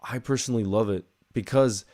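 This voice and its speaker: A man with a Northern Irish accent and a lowish, mellow voice talks a little fast during a live match watchalong, chatting casually, greeting viewers, and answering their questions.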